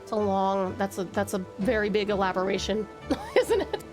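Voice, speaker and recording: A woman's voice: medium pitch, animated, normal speed. A young woman streaming a game, bubbly and affectionate as she thanks her chat and curses now and then. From Tasmania, Australia. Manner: bubbly, affectionate, swears casually. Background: game music.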